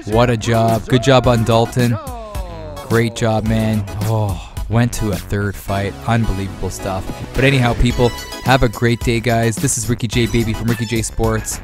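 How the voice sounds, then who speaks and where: A man's voice: lowish voice, little pitch movement, normal speed, over music. A male host wrapping up a gaming video in a hyped, playful way.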